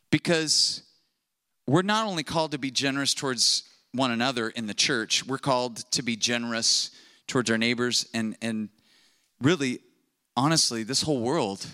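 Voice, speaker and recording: A middle-aged male pastor preaching a sermon, telling a story with animated acted-out dialogue. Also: medium pitch, normal speed, no room sound.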